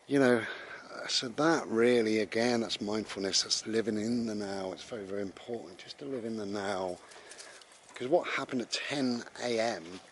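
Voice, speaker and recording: A British vlogger walking his dog outdoors reflects casually on mindfulness, rambling and often restarting his sentences. His voice is on the low side at normal speed, with a little hiss or hum in the audio.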